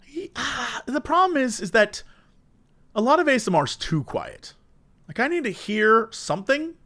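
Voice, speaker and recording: A man's voice: very high voice, moderate pace. A young man co-hosting a podcast, chatting casually and acting out the voices in his stories. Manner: animated storytelling with mimicked voices. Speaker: podcast co-host. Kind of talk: casual chat.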